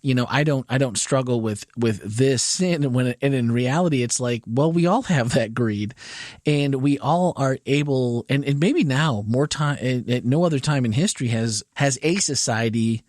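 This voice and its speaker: A middle-aged man chatting on a church podcast in a loose storytelling manner. He sits at an even middle pitch, and the sound is dry and close with no room echo. Now and then he lifts his voice higher to quote a child. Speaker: podcast co-host. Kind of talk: casual chat.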